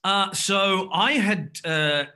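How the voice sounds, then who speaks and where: A man's voice: high-pitched, pushed and bright. A man chatting casually as a guest, rambling through a story with frequent restarts and laughs. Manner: rambling, self-interrupting, quick to laugh. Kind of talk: casual anecdotal chat.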